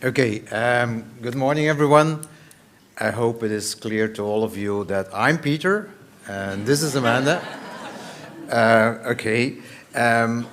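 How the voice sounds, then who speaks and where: A man from Belgium, giving a conference presentation on stage in a wry, joking, emphatic way. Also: medium pitch. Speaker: conference speaker.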